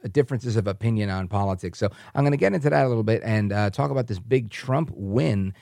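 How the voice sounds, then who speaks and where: A man's voice: lowish voice, quick pace, gravelly, a little mellow, dry recording, clean studio sound. A middle-aged man, hosting a talk radio show and ranting as he tells a story, now and then mimicking other people's voices.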